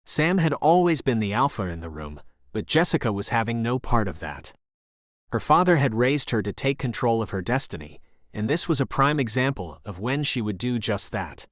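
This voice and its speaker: Male thriller narrator, mid-range voice, even storytelling read, dry booth sound. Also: medium pitch, moderate pace, no room sound. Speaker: audiobook narrator.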